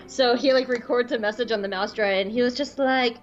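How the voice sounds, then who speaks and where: Excitable woman cohost rambling through a story, kinda high voice, muffled lo-fi audio w faint music. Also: brisk, hardly any pauses. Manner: excitable, gushing, breaks into squeals. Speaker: podcast co-host. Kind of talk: casual storytelling chat.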